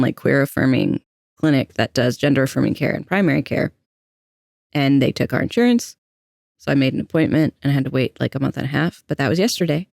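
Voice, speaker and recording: Candid trans man with a gravelly voice. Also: on the high side, darkish tone, dry recording, clean studio sound. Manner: candid, anxious, self-deprecating storytelling. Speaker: podcast co-host. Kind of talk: casual personal storytelling.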